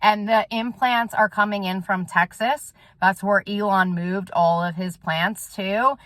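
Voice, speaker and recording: A woman's voice: medium pitch, fairly even intonation, unhurried, a bit bright, dry recording. A woman talking straight to her viewers in a casual monologue, intense and rambling, with frequent swearing. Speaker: soul coach and vlogger. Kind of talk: casual direct-to-camera monologue.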